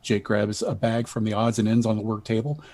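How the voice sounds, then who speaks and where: A man narrating the stage directions in a measured, even way during a stage reading. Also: lowish voice.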